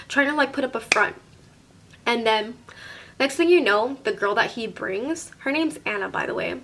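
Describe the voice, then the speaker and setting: A young woman tells a story straight to her viewers in a casual storytime, her voice sitting a little high. She talks in an animated way and swears freely. She acts out what everyone said along the way. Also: normal speed. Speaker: vlogger.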